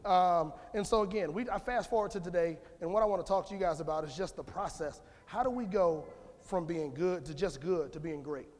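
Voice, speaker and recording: A man's voice: high-pitched, a little fast, darkish tone. A man giving an informal, conversational sermon in church, rambling with restarts and calling on the congregation. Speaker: lay speaker giving a church message. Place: church sanctuary. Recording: long church hall reverb.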